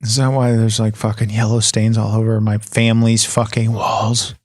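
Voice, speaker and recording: A man's voice: fairly low pitch, little pitch movement, normal speed, dry recording, studio quality. A man co-hosting a comedy podcast, brash, profane and exasperated. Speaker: podcast co-host.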